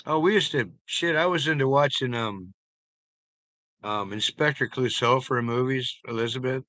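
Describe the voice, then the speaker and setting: A man's voice: medium pitch, normal speed, pushed and bright, no room sound. A man chatting casually with his viewers, telling loose, profane stories and chuckling along as he rambles.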